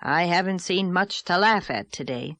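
Lady reading as a stern practical older woman, dry and sober, level pitch, dry close sound. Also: lively intonation, normal speed, fairly bright tone, no echo. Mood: grim.

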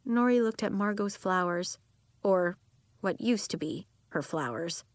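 A woman reading a children's story aloud as narrator, in an expressive, animated way. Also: mid-range voice, a little slow, no echo.

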